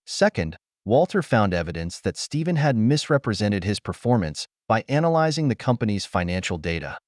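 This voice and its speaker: A male narrator reading a dramatic audio story. His voice is low with lively pitch movement, and the recording is dry and close. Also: brisk, dry recording.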